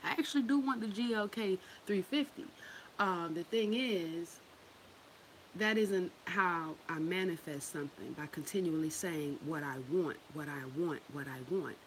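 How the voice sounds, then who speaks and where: A woman's voice: fairly low pitch, a little slow, a little hiss or hum, low-quality recording. A woman giving a casual spiritual talk to her viewers. She is loose and profane, laughs often and repeats phrases for emphasis. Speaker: spiritual teacher.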